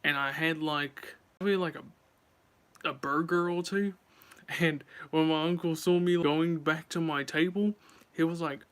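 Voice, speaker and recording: A man's voice: a little high, steady tone, unhurried, a bit bright, clear, resonant tone. A man chatting casually on a live stream, rambling and talking straight to his viewers.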